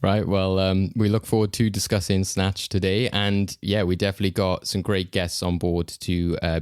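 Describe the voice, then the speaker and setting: A low-voiced man hosting a casual film podcast, chatting freely and often stopping to restart his sentences with ums and uhs. His voice is recorded close and dry, with no room sound around it. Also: a little mellow, clear, resonant tone, no echo. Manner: chatty, hesitant with fillers and restarts. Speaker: podcast host.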